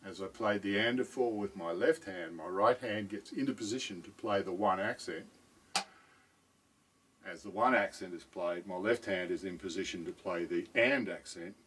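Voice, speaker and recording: A man's voice: deep voice, moderate pace, fairly bright tone, distant mic, slight background noise. A man teaching drum technique in a patient video lesson, often checking in with "right?".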